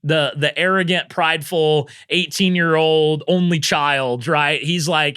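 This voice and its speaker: A man's voice: a little high, fairly even intonation, unhurried, few pauses, sharp tone, clear, resonant tone. Earnest, emphatic male storyteller. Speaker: guest. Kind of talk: storytelling interview.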